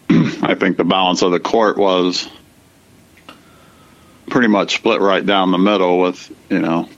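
A man with a low, gravelly voice talks politics casually as a co-host. His delivery is measured and conversational, full of small fillers. The recording sounds dull and lo-fi. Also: steady tone. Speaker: podcast co-host.

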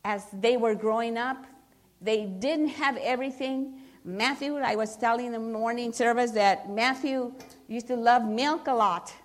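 A middle-aged woman with a slightly raised pitch gives a personal testimony at a church service. She speaks earnestly and emphatically, circling back and restarting her phrases as she presses her point. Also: a little slow. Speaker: church member giving testimony.

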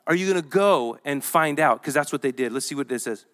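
A male pastor preaching a sermon in an animated, conversational way, reading scripture aloud to a church with children present. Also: fairly high pitch, fairly quick.

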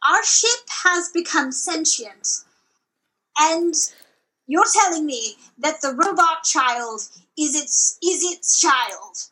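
A woman improvising a comedy scene as a ship captain, with a breezy, deadpan delivery. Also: high-pitched, slow, poor audio.

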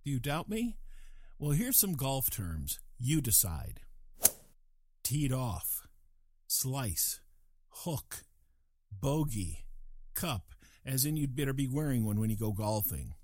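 A man's voice: medium pitch, very animated, moderate pace, warm tone, dry recording. An older man delivering a scripted comic monologue with a dry, wry manner, slipping into playful voices. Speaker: comedic host.

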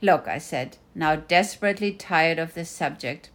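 A woman's voice: sits low, normal speed, few pauses, a bit bright. A middle-aged woman reading her own first-person memoir with dry, wry storytelling. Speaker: mother narrating a personal story.

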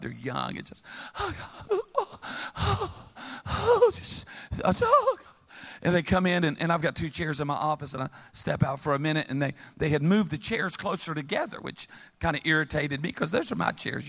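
A middle-aged man preaching a sermon as pastor, telling funny stories with lively call-and-response to the congregation. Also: on the high side, brisk, gravelly. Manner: humorous, animated storytelling with call-and-response. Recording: long reverb of a large hall.

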